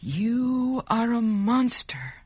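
A woman voicing a bitter, poisoned young man in a slow storybook reading. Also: lowish voice, no echo. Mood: accusing. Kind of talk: storybook narration.

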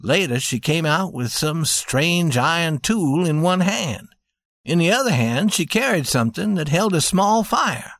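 A man reading a story aloud as narrator, slowly and clearly. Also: a little high, lively intonation, fairly bright tone, no echo, clean studio sound. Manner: slow, clear, deliberate reading.

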